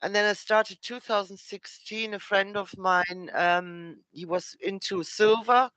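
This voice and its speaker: A man's voice: high voice, fairly even intonation, unhurried, pushed and bright, clear, resonant tone, no echo, low-quality recording. A middle-aged man with a German accent, chatting as a guest on a live call, thoughtfully explaining words with examples. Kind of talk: casual livestream chat.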